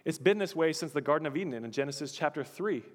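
A man's voice: on the high side, expressive, fast talker, big-room sound. A male pastor preaching a sermon in an emphatic, repetitive style. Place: church.

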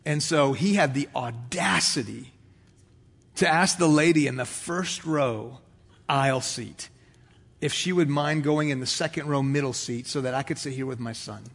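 A pastor preaching a sermon, telling a story and acting out the voices of people in it, with conversational asides to the congregation. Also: male voice, medium pitch, normal speed, gravelly, a bit bright, breathy edge. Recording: long hall reverb.

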